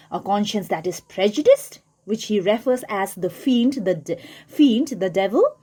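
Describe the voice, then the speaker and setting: A woman's voice: fairly high pitch, a little mellow, breathy edge. A woman teacher giving a literature lesson, explaining a play line by line and often repeating and rephrasing her words.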